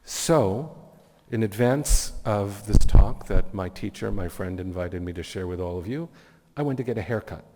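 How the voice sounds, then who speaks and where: A man's voice: lowish voice, normal speed, dark tone. A man giving a keynote sermon as a rabbi, telling stories in an earnest, reflective way and offering blessings. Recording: long hall reverb.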